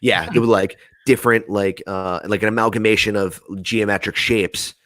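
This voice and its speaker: Chatting casually on a podcast, a young man from New Jersey animatedly tells a story, swearing often and imitating the voices of the people involved. His pitch is fairly low, his speed normal, and there's no room sound.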